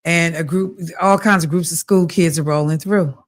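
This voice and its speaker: A woman co-hosting a podcast, speaking in a calm, measured way and asking questions in casual chat. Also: on the low side. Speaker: podcast co-host.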